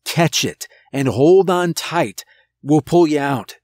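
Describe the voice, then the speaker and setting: A man's voice: on the high side, expressive, slow, darkish tone, dry recording, clean studio sound. Take-charge boy, as a man puts him on, urgent and bossy, in a told horror story. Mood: commanding. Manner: commanding, urgent.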